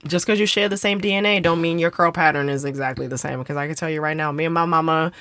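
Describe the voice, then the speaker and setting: A woman's voice: quick pace, no room sound, clean studio sound. A woman in her thirties co-hosting a podcast, chatting casually and telling stories with lots of swearing. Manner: animated storyteller, swears freely, acts out quotes with big pitch jumps. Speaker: podcast co-host. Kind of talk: casual chat.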